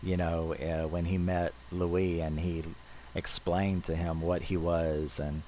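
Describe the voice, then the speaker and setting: Deep-voiced male film reviewer, chatty and rambling, faint hiss on the recording. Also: flat delivery, slow, warm tone, poor audio. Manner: loose and rambling, full of "you know"s and restarts. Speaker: movie reviewer.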